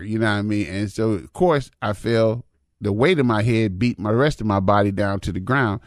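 A man in his fifties tells folksy personal stories in a relaxed, repetitive monologue, often tossing in "man" and "you know what I mean." His fairly low voice is recorded at studio quality with no room sound.

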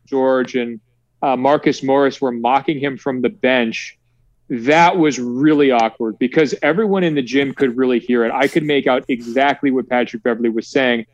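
A male sportswriter guest telling relaxed stories with lots of fillers in a conversational interview. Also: medium pitch, normal speed, no room sound, highs cut off. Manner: relaxed storytelling with many fillers.

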